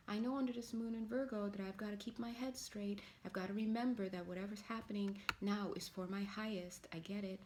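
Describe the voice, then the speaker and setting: A woman's voice: medium pitch, darkish tone, slight background noise. A woman giving a casual spiritual tarot reading, rambling and chatty, with playful asides and acted-out quotes. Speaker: tarot reader.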